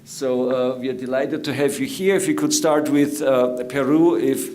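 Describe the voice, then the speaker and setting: A middle-aged man with an Austrian German accent who moderates a conference panel, introducing guests formally and pausing often with "uh". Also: medium pitch, fairly even intonation, a little mellow. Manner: halting, many "uh" fillers. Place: conference room.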